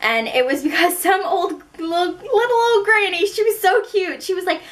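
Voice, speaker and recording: A woman's voice: extremely high pitch, expressive, moderate pace. A woman from Canada with a Canadian accent, chatting through a book haul in a rambling, self-mocking way. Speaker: book vlogger. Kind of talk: casual book haul chat.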